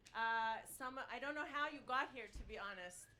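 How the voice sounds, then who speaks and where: A woman playing a brash, cocky male talk show host with a put-on New York accent, delivering boastful deadpan one-liners live on stage. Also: high voice, moderate pace. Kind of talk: stand-up character comedy. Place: live stage before an audience.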